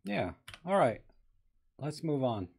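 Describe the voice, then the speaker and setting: A man's voice: fairly high pitch, sing-song, slow pace, creaky, darkish tone, slightly rough. Chatty man editing photos live. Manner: chatty, thinking aloud, greets viewers while working. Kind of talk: casual live-stream commentary.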